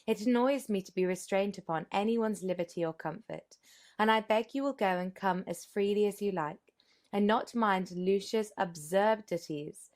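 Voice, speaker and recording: A woman reading as an insistent young gentleman. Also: mid-range voice, normal speed, close to an everyday voice. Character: young gentleman, earnest and impatient.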